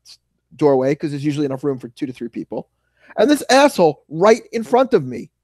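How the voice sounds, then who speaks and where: A man's voice: high-pitched, dry recording, studio quality. Play a New York man, ranting on a podcast. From New York suburbs. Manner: animated storyteller, ranting and swearing. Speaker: podcast co-host. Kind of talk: casual chat.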